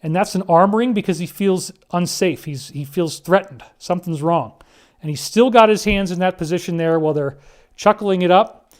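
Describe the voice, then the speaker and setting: A man's voice: sits high, normal speed. A man talking through a series of photos in an earnest, emphatic monologue, often addressing listeners directly. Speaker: commentator.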